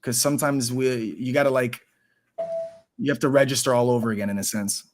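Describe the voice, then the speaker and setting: Brief: relaxed guy, stream host, slangy casual chat. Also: medium pitch, fairly quick. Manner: laid-back, slangy, says bro a lot.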